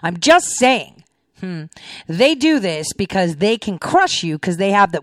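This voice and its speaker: A woman's voice: mid-range voice, big pitch swings, unhurried, no room sound, clean studio sound. A woman hosting a show and giving political commentary on played clips, in a sarcastic way full of rhetorical questions. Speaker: podcast host.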